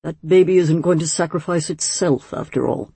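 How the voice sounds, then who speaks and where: A woman's voice: deep voice, moderate pace, warm tone, husky, no echo, heavily acted. A woman voicing a vain, pompous old male village elder who speaks in clipped, haughty tones. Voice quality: pompous, snappish.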